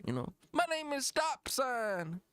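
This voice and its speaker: A man's voice: very high voice, big pitch swings, slow pace, a bit bright, clean tone, no echo, voice pushed up, heavily acted. A man putting on the voice of a worn-out, aging male rap star who brags, then gets confused and out of breath. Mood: winded bragging. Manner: breathless, bragging, then bewildered.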